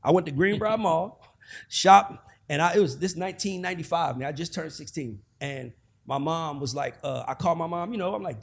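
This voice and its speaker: A man in his forties with an Atlanta accent, a guest telling stories in a casual, animated, profane way. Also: fairly high pitch, brisk, vocal fry, husky. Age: 40s. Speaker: guest, music executive. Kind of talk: casual podcast conversation.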